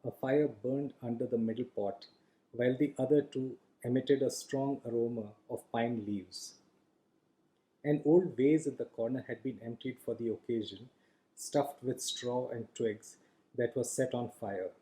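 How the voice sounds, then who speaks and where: A man reads his own fantasy novel aloud in a calm, measured storytelling style. His voice is mellow and warm, set at an ordinary pitch for a man. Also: rough recording. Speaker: author reading his own book. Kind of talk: audiobook narration.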